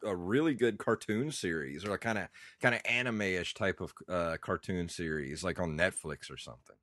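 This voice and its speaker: Congested man with a low voice. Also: moderate pace, fairly bright tone, no room sound, studio quality. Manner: rambling, nostalgic, laughs often. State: congested, coughing. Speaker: podcast co-host. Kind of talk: casual chat.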